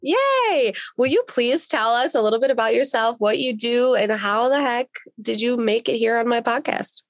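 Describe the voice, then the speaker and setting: A woman's voice: a little high, steady tone, moderate pace, no room sound, clean studio sound. Nasal, congested woman podcast host. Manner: chatty and upbeat, with fillers. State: congested from a sinus infection. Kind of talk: casual podcast chat.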